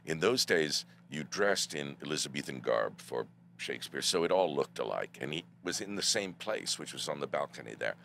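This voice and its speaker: A man guest on a podcast, telling theater stories in a measured, theatrical way. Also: rumbling low, animated, creaky, fairly bright tone, a little hiss or hum. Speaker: guest actor. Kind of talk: casual storytelling.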